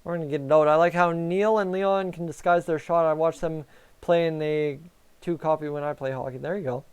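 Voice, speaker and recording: Nervous high-voiced fan streamer. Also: male voice, fairly quick, clear, resonant tone. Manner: nervous, excitable, talks to chat. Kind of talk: live game reaction commentary.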